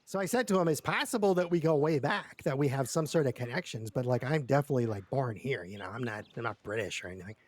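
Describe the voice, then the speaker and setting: A man's voice: mid-range voice, lively intonation, fast talker, few pauses. A man telling a long story in character during a roleplay session, rambling and stammering with lots of repeated words and casual swearing.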